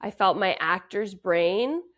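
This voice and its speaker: A woman's voice: medium pitch, lively intonation, slow pace, a bit bright. A young woman with a Canadian accent, an actress and dancer, talking earnestly and reflectively as an interview guest. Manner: reflective, earnest, many fillers. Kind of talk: conversational interview.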